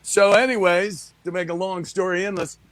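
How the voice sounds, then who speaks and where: A man, a guest musician, telling lively anecdotes in a casual chat. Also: sits high, moderate pace, a crowd in the background. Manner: animated anecdote-teller, lively asides.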